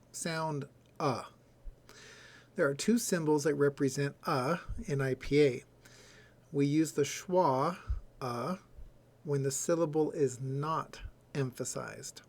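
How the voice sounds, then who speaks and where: A man's voice: a little high, slow. A man giving a recorded lecture, explaining step by step and sounding out example words.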